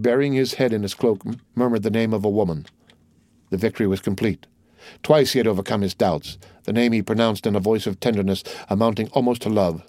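A man narrating a classic novel in a measured, steady reading. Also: lowish voice, no room sound. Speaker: audiobook narrator. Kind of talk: scripted narration.

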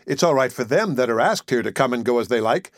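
A man's voice: medium pitch, animated, fast, no room sound, studio quality, natural voice. A man voicing a defiant, sardonic young woman. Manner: defiant, snappish. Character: brash sardonic young working-class woman.

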